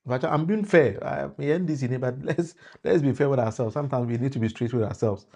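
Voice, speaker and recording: A man's voice: mid-range voice, brisk, creaky, a little mellow. A man with a Ghanaian accent giving political commentary to a live-stream audience, switching between Twi and English, restarting phrases and calling out viewers by name.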